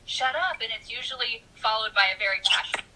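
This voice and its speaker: A woman in casual book chat who is animated, laughs often and acts out her own reactions, with a husky voice. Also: a little high, fast, poor audio. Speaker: book discussion co-host.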